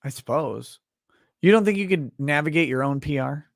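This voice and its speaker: A man hosting a livestream, chatting casually with a guest and reading viewer comments aloud with many halting restarts. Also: fairly high pitch, lively intonation, creaky, no room sound, studio quality. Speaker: livestream host.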